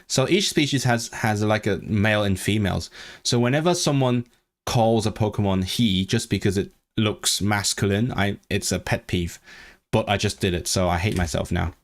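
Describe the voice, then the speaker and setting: A man's voice: lowish voice, moderate pace. A man chatting casually on a live stream, thinking aloud, repeating and restarting words. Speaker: language-learning livestreamer.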